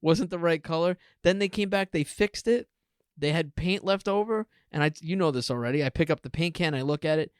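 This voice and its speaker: A man's voice: on the high side, brisk, clean tone, no room sound, studio quality. A middle-aged man from New Jersey, co-hosting a podcast and telling funny stories with lots of swearing. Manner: animated storyteller, swears often. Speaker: podcast co-host. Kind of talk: casual comedic chat.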